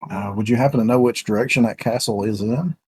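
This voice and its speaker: A man's voice: mid-range voice, quick pace, a little mellow, slightly rough, poor audio. A man playing a tabletop game, answering in character in a casual, bemused way. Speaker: player.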